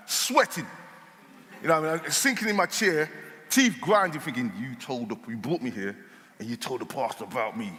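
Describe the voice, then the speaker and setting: A man telling his story as an interview guest, casual and lively, acting out the voices of people in his tale. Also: lowish voice. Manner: casual speech with dropped words. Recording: long hall reverb in a church.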